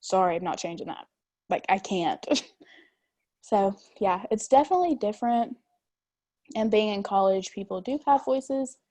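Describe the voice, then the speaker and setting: Young country-accented woman, mellow. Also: mid-range voice, animated, moderate pace, pauses often. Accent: East Tennessee country. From East Tennessee. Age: young adult. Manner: candid and storytelling. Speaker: panelist. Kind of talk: online panel discussion. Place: video call.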